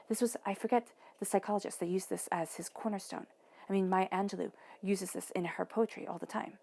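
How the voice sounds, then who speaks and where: Woman, tarot reader, gravelly mellow tone, soothing delivery with whispered emphasis. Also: mid-range voice, fairly even intonation, moderate pace. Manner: playful asides, acts out voices in quotes. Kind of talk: intuitive tarot reading monologue.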